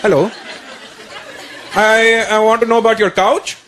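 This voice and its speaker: A man voicing his irritable older immigrant father scolding someone on the phone, loud and exasperated, over loud crowd laughter. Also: high-pitched, steady tone, measured pace, noisy background.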